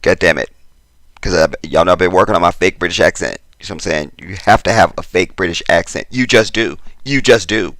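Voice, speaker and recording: A man giving a casual commentary to his viewers, exasperated and chatty, jumping between loud emphasis and muttered asides. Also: low voice, a little fast, no echo. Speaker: YouTube commentator.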